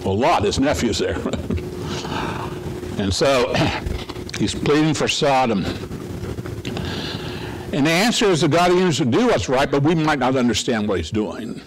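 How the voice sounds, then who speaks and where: A man preaching in a relaxed, conversational way, his voice sitting at a middle pitch. He keeps asking the congregation rhetorical questions. A faint hiss of background noise runs under the recording. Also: moderate pace, long pauses, poor audio. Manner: conversational, asks the audience rhetorical questions with "right?"; acts out pleading voices in quotes. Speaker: pastor. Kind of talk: sermon.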